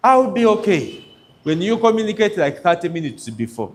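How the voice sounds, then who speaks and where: A man's voice: high-pitched, big pitch swings, normal speed. A man giving a motivational business talk to an audience, emphatic and checking in with his listeners. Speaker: business coach.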